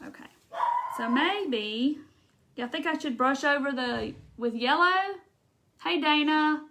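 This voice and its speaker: A woman's voice: high-pitched, takes it slowly, fairly bright tone. A woman with a Southern accent, hosting a casual live crafting chat, talking her way through each step and laughing often. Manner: chatty, folksy, laughs often, thinks aloud. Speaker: craft livestream host.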